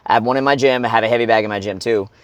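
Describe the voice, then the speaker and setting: A man coaching viewers in a blunt, profane monologue, often checking in with "okay?" and breaking into loud shouts and grunts to demonstrate. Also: mid-range voice, fairly even intonation, rapid-fire, no room sound. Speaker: fitness and life coach.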